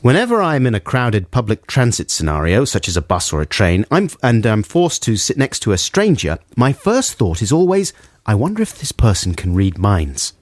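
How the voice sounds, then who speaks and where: A man trades jokey banter as a radio co-host, reading listener messages aloud. His voice swings lively up and down, and the studio sound is close and dry. He laughs often between lines. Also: on the low side, normal speed, no room sound. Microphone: studio microphone.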